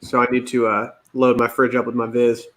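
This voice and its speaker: Man with wry, deadpan humor in banter. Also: medium pitch, a little fast. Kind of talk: casual banter between friends.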